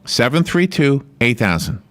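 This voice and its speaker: A man's voice: medium pitch, sing-song, moderate pace. A man hosting a morning radio show, chatting casually and rambling with restarts, easily amused. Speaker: radio host.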